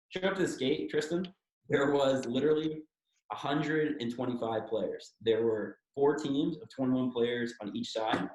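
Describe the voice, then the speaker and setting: A Toronto-born former hockey player in his thirties gives a frank account of his story as an interview guest, swearing freely and acting out others' words. His mid-range voice is a little mellow and moves at a normal speed, with echoey room acoustics.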